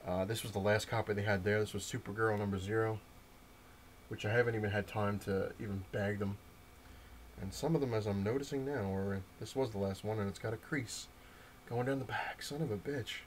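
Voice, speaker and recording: A collector at home goes over his new comics and his comic shop visit in a loose, rambling way, full of fillers and restarts. His lowish voice holds a steady tone and moves fairly quickly, with a little hiss or hum in the background.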